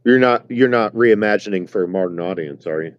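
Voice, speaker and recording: A man's voice: lowish voice, brisk, muffled recording. A man co-hosting a casual podcast, joking around and hesitating with fillers. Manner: joking, hesitant, laid-back. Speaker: podcast co-host. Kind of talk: casual chat.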